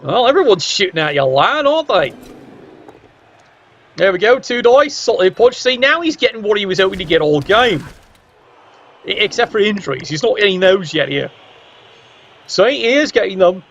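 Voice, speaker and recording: A man doing play-by-play commentary of a video game match, with cheeky, sardonic asides and sudden jumps up in pitch. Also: very animated, normal speed, long pauses, a bit bright, highs cut off.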